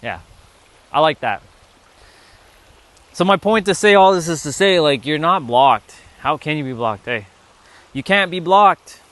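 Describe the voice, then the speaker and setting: A man's voice: a little high, animated, measured pace, pauses often, a bit bright, dry recording. A man hosting a casual motivational livestream outdoors, blunt and playful, swearing freely and chatting to viewers while he walks among rocks. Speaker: livestream host.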